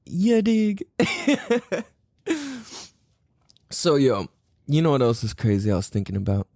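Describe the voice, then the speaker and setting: A man's voice: medium pitch, sing-song, takes it slowly, a little mellow, no echo, studio quality. A man hosting a solo podcast, rambling casually, swearing and often laughing. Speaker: podcast host.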